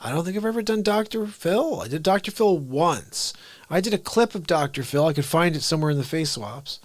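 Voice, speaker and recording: Rambling comedian host, slightly high voice. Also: male voice, animated, no echo. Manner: rambling, quick asides, drops to mumbles. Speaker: live-stream comedian and host. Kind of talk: casual chat between impressions. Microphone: streaming microphone.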